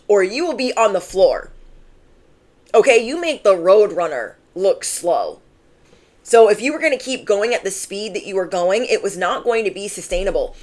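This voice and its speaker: Woman tarot reader, chatty and emphatic, average pitch. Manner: emphatic, conversational, fillers. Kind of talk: channeled tarot reading.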